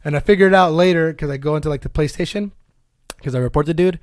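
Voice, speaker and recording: Fast-talking man telling a story. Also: fairly high pitch, no room sound, studio quality. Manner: fast, animated storytelling with swearing and laughter. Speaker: podcast co-host. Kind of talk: casual chat among friends.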